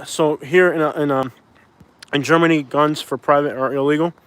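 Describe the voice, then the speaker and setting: A man's voice: fairly high pitch, steady tone, normal speed, fairly bright tone, clean tone, no echo. A man in his thirties chatting casually on a live stream outdoors by a bridge, rambling and arguing back at viewers. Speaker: vlogger doing a live stream.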